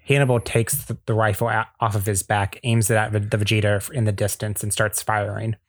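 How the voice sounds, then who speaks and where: A man's voice: on the low side, little pitch movement, brisk, dry recording, clean studio sound. A man reading scripted narration at a table read, with a few small slips and restarts. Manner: plain storytelling with small slips.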